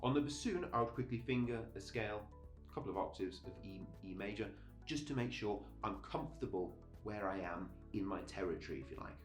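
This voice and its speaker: A man's voice: on the low side, brisk. A middle-aged man, a music teacher, giving a casual video lesson in a chatty, upbeat way that often breaks off and restarts. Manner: chatty, upbeat, self-interrupting. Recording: echoey room with faint background music.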